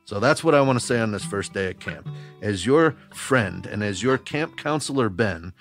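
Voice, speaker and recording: Low-voiced man telling kids a story. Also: expressive, normal speed, faint music behind. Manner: earnest and gently encouraging, talks straight to kids. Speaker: camp counselor. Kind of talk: storytelling to children.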